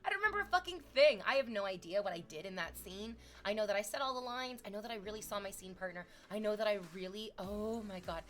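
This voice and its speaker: Young woman streamer, casual reflective chat, frank and sweary, middle pitch. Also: fast, hardly any pauses. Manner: reflective, candid, swears freely.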